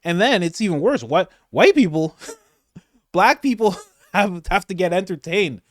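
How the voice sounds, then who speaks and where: A man, a comedian, giving comedic political commentary in an animated, laughing, incredulous way. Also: high voice, measured pace, dry recording, studio quality.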